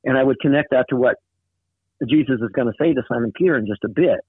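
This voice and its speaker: During a casual Bible study discussion, a man explains a passage thoughtfully but fast, using lots of fillers. His voice is medium-pitched and slightly rough, with no echo, carried over a tinny, phone-like line.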